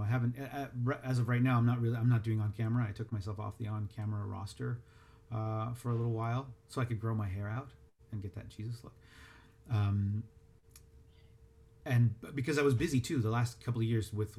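A man who is a voice actor and dialect coach, answering interview questions in a reflective, halting way with many restarts. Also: fairly low pitch, fairly even intonation, vocal fry, mellow, slight background noise.

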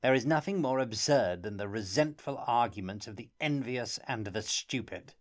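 Gruff, stern minister, suspicious and ungracious, as a male narrator reads him. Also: medium pitch, expressive, moderate pace, voice pushed up, close to an everyday voice. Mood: scornful. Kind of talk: audiobook character reading.

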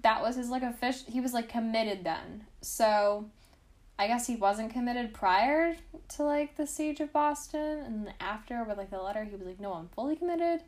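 A woman's voice: on the high side, normal speed. A young woman hosting a podcast from home, casually telling a history story, chatty and full of "like" and self-corrections. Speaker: podcast host.

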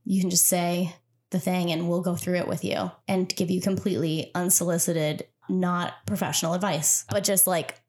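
A woman's voice: on the low side, little pitch movement, normal speed, a little mellow. A young woman co-hosting a podcast in casual chat, chatty and self-mocking, often laughing at herself. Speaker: podcast co-host.

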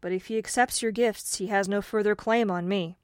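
A wise, patient godfather spirit giving measured advice, as a woman reading a fairy tale puts him on. The voice stays calm and steady. The room is dry. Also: medium pitch, clean tone, no echo, close to an everyday voice. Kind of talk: storybook reading.

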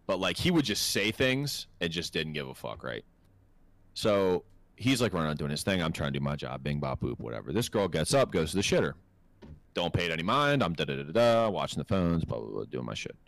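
A man hosting a podcast, telling a rambling, profane story in casual chat and getting animated when he quotes others. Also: low-pitched, fairly quick, vocal fry, dry recording. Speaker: podcast host.

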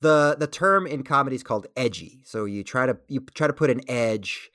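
Thoughtful, measured man. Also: medium pitch, sharp tone, no echo, clean studio sound. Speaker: guest comedian and military veteran. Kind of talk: casual interview.

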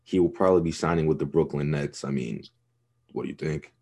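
A man's voice: rumbling low, fairly quick, mellow, slightly rough. A young man co-hosting a sports podcast, chatting casually in a laid-back, rambling way and swearing freely. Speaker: podcast co-host.

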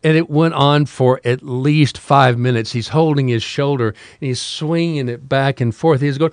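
A man's voice: medium pitch, fairly even intonation, moderate pace, hardly any pauses, clear, resonant tone, dry recording, studio quality. An older man, a podcast host with a talk radio past, casually telling a rambling story with repeated words.

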